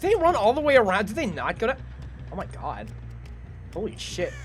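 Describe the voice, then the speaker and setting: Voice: mid-range voice, wildly swooping pitch, fairly quick, soft background music. A streamer giving casual live gaming commentary, chatty, self-mocking and swearing freely.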